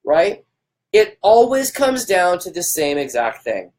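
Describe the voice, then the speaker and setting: A man's voice: high voice, very animated, measured pace, darkish tone. A man hosting a live stream, fired up and emphatic. He repeats himself for emphasis and greets viewers by name. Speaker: livestream host.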